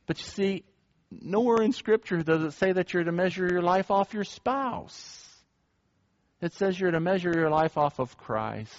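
A man's voice: on the high side, no room sound. A man preaching a sermon as pastor, reading scripture and earnestly asking the congregation direct questions, on a dull, dry, lo-fi recording.

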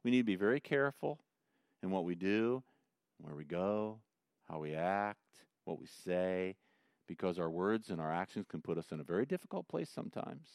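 A middle-aged male pastor preaching a sermon and reading scripture, swinging between hushed repetition and loud, emphatic points. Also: deep voice, sing-song, normal speed, vocal fry, clear, resonant tone, no room sound, clean studio sound. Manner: repeats phrases for emphasis.

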